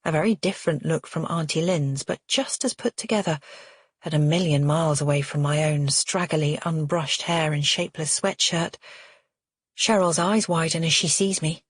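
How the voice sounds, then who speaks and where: A woman reading a thriller audiobook in first person, with a measured, earnest delivery. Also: sits low, husky, dry recording. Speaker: audiobook narrator. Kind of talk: first-person scripted narration.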